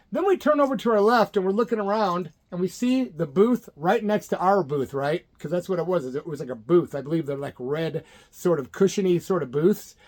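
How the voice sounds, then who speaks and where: A man's voice: high-pitched, moderate pace, darkish tone. A middle-aged man from Illinois, hosting his own channel and telling a story in a laid-back, jokey way. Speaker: channel host. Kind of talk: casual storytelling to camera.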